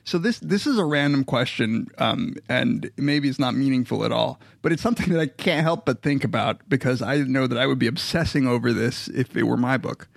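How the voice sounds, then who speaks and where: Male co-host, gravelly, joking, curious questioner. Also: medium pitch, fairly quick, few pauses, no echo. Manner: laughs often, asks teasing questions. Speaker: podcast co-host. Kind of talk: casual chat.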